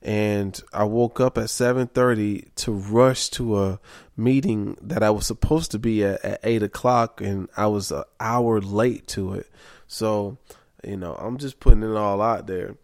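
Sleep-deprived young man, low-pitched, candid casual monologue, dry close sound. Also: measured pace, darkish tone, dry recording. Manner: candid, emphatic, says okay often. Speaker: vlogger.

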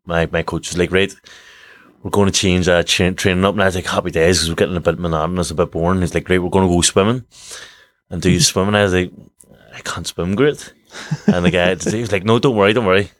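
A man tells sweary, laughing stories in casual chat. His voice sits on the low side. The sound is close and dry. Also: fairly even intonation, fast talker, dry recording. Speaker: guest boxer.

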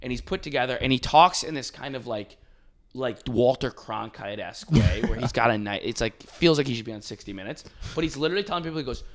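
Animated swearing man on a podcast. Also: mid-range voice, fast talker. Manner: animated, swearing, laughing, mimicking voices. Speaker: podcast co-host. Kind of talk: casual comedic podcast chat.

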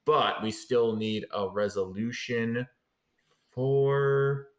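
A man's voice: medium pitch, extremely slow, reverberant. A man in casual chat, hesitant and agreeable, often restarting his sentences.

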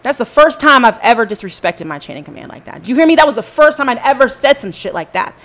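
A woman's voice: on the high side, expressive, fast talker, fairly bright tone. A woman from the States, telling her own story in an angry, profane monologue and often speaking straight to her listeners. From Southern United States. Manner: profane, confrontational, addresses listeners directly.

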